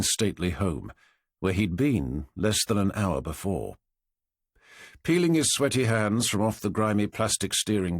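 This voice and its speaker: A man, narrating an audiobook in a measured, expressive way, on a close studio microphone. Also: fairly low pitch, no echo.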